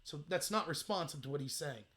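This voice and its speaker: A man hosting a political commentary show, reading out a hearing transcript with sarcastic, mocking remarks and bursts of loud outrage. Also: on the high side, brisk. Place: home room lit by window.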